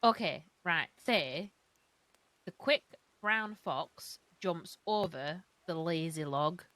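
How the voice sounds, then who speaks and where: A woman's voice: lowish voice, slow pace, fairly bright tone, no echo. A woman from northern England with a Northern English accent, chatting in a wry, bemused way during a roleplay. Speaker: roleplay character. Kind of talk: in-character roleplay chat.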